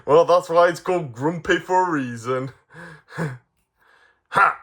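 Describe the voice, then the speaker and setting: A man's voice: a little high, slow pace. A man reviewing toy figures in a casual, playful way, giggling often.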